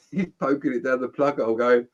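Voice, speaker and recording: A man's voice: mid-range voice, fairly even intonation, moderate pace, highs cut off. A man telling anecdotes in casual chat, laughing and acting out his drunk friends.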